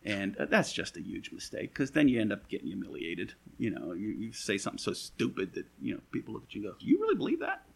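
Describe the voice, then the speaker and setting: Male Bible teacher: husky, gravelly mid-range voice, folksy and rambling, dry sarcastic edge. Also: on the low side, lively intonation, fast talker, hardly any pauses. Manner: folksy, rambling, full of "you know" asides. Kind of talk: conversational verse-by-verse Bible teaching.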